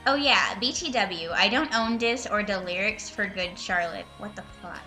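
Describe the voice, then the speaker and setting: Sarcastic woman reader with a sharp, bright voice who keeps interrupting herself with profane jabs. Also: medium pitch, normal speed, soft background music. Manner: sarcastic, profane, exasperated asides. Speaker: reader and commentator. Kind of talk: reading a fanfiction aloud with mocking commentary.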